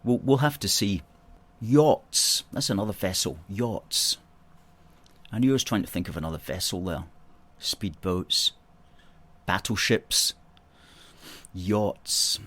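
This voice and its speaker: A Scottish man hosts a livestream with a fairly low voice. He talks in a loose, opinionated ramble, stops to restart his sentences and answers viewer comments as they come in. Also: takes it slowly, pauses often, fairly bright tone. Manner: opinionated, chatty, rambling with self-corrections. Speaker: host.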